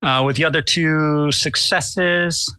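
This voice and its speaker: A man playing a tabletop game, describing his vampire's actions in a deliberate, wry way. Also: fairly high pitch, steady tone, pushed and bright, smooth, dry recording. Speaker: player.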